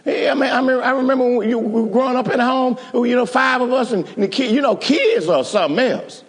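Rousing high-pitched preacher man, echoing hall. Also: fairly quick, breathy edge. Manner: emphatic and rousing, many repeated restarts; calls out to the congregation. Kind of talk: sermon.

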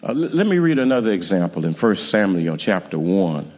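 Preaching pastor in a reverberant church. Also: male voice, big pitch swings, brisk, a little mellow. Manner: preaching, rising to high emphatic climaxes. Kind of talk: sermon. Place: church sanctuary.

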